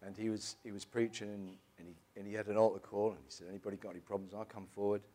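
A middle-aged man, telling his personal testimony in a church in an emotional, halting way with many restarts. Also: fairly low pitch, level tone, warm tone. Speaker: church member giving testimony.

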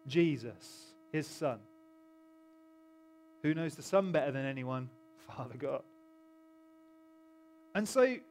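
Chatty preacher, man, slightly high voice. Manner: chatty, self-interrupting, jokes with the congregation. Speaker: pastor. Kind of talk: sermon. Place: church hall.

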